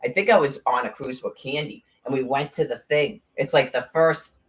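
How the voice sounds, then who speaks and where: A woman's voice: a bass voice, normal speed. A middle-aged woman in casual chat, rambling, blunt and profane, with sarcastic asides. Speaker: podcast host.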